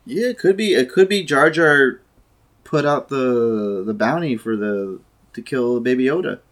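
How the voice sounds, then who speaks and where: A man's voice: medium pitch, expressive, unhurried. A young man in a casual podcast chat, playful and joking. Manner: playful, does silly voices.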